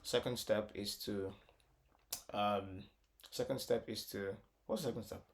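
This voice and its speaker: A man's voice: on the low side, fairly even intonation, measured pace, vocal fry. A man teaching a casual music tutorial, explaining step by step with lots of repetition and filler words, sometimes singing short phrases. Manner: breaks into short sung phrases.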